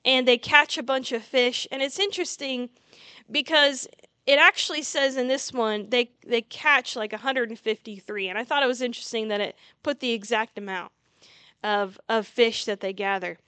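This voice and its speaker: A woman's voice: on the high side, normal speed, sharp tone, clear, resonant tone, no echo. A woman giving a casual sermon, retelling a story earnestly with frequent restarts. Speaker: preacher.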